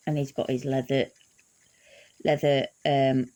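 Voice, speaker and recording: A woman's voice: very deep voice, flat delivery, unhurried, warm tone. A woman telling a funny personal story in a casual, swearing, laughing way. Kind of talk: casual anecdote.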